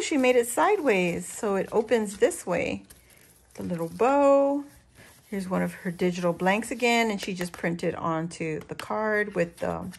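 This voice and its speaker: A woman hosting a casual craft unboxing, gushing with excited exclamations as she shows each piece. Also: lowish voice, gravelly, slight background noise. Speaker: crafting channel host.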